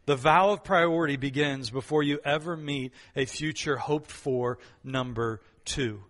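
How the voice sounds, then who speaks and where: A man preaches a sermon with a high, bright, ringing voice. He presses his points hard, repeats key lines for weight, and drops in the odd playful joke. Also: measured pace. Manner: emphatic, repeats key phrases, playful asides. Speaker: pastor.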